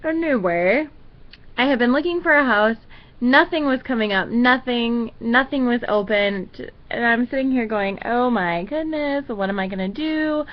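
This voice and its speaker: A young woman with a slightly high voice chats to her camera and rambles through a personal story, filling her pauses with "um" and "like". The sound is a little dull and lo-fi, like an ordinary home video. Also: animated. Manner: rambling, chatty storytelling with many fillers. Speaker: vlogger. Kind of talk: casual chat to camera.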